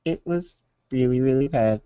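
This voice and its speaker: A man in casual podcast chat who says things twice for emphasis. His voice is very dark and mellow. The recording is dry and slightly dull. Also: mid-range voice, normal speed, clear, resonant tone, dry recording. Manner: repeats himself for emphasis, laughs mid-sentence. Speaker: podcast co-host.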